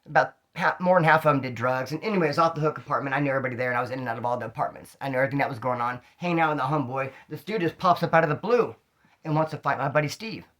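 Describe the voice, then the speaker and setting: Man of middle pitch, slangy street storyteller, lively, plays out every line of dialogue. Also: racing. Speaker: storyteller recounting street life. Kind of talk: casual storytelling monologue.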